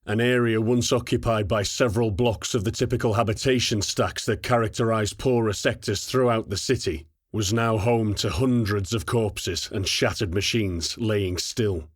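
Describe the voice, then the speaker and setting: Brief: low, measured male audiobook narrator, dry close mic. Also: fairly even intonation, dry recording.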